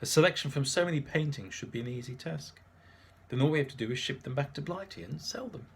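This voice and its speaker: A man's voice: medium pitch, fast, gravelly, a little hiss or hum. A man narrating his memoir in a dry, wry manner.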